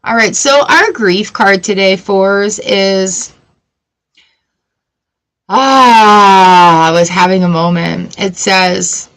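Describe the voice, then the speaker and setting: A woman's voice: medium pitch, extremely slow, a bit bright. Blunt, chatty woman reading tarot. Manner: chatty, blunt, swears freely. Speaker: tarot reader. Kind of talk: casual live-stream tarot reading.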